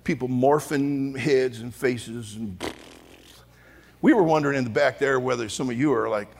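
A man preaching a storytelling sermon to a large audience, animated and comic, rising to shouts at the high points. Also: normal speed, creaky, slight background noise. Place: large church auditorium before an audience.

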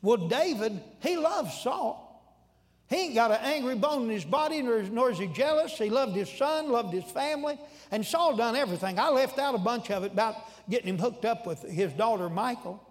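A man preaching a sermon in a church, telling stories in a folksy, animated way with sudden shouts. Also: very high-pitched, normal speed. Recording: long reverb in a large hall.

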